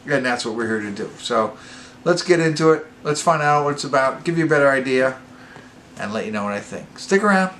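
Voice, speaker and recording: At a fairly quick pace and medium pitch, a man reviews movies on his casual vlog channel, drifting from point to point, correcting himself and getting excited. A bit of background noise is audible.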